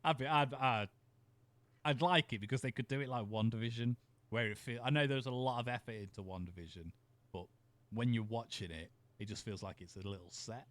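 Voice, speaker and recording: A man's voice: lowish voice, fairly quick, fairly bright tone, no echo. A man co-hosting a podcast, chatting casually, rambling, swearing and laughing often. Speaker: podcast co-host. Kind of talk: casual chat.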